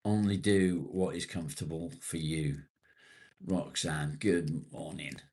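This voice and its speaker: A man with a British accent, hosting a casual live stream and chatting with viewers. He reads their comments aloud, relaxed and conversational, with casual swearing. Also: a bass voice, slow pace.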